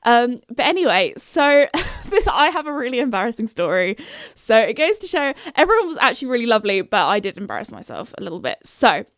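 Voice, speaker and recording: A woman's voice: very animated, fairly quick, dry recording, studio quality. A young woman, hosting a podcast and telling a story in a casual, chatty, giggly way. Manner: chatty, giggly, jumps into high-pitched quoted voices. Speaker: podcast host.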